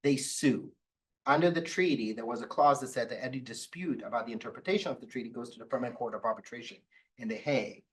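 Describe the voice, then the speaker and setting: A man's voice: mid-range voice, fast talker, low-quality recording. Guy lecturing like a law prof, storytelling mode, wry little jokes, ordinary mid voice. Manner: lively storytelling with wry asides. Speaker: law professor. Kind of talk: academic lecture.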